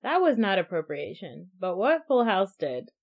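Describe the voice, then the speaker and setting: A woman's voice: mid-range voice, moderate pace. Chatty woman, dull lo-fi recording. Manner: chatty, animated storytelling with many "like" fillers. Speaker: podcast co-host. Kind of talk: casual chat. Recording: dull lo-fi sound.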